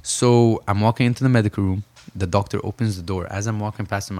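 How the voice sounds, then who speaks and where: A young man with a fairly low voice tells an earnest, intense story in an interview. He reenacts what others said and slows right down to drive his points home. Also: a little mellow. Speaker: professional boxer, podcast guest.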